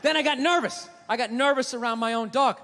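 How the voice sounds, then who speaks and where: A man doing a stand-up routine, ranting and swearing, with loud outbursts. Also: extremely high pitch, fairly quick, faint music behind. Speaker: stand-up comedian. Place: stage in a large hall before a live audience. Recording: live hall with long reverb.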